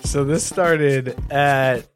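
A man's voice: mid-range voice, fairly even intonation, very slow, music in the background. A man telling a rambling, profane comedy story in casual podcast chat. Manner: rambling, profane, self-mocking.

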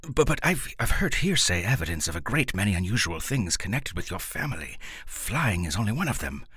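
A man's voice: on the low side, big pitch swings, brisk, sharp tone, breathy edge, no echo, clean studio sound, exaggerated voice. Man putting on a fussy pompous professor. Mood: flustered. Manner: precise, pompous, growing flustered. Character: stuffy flustered male city scientist, big and solemn.

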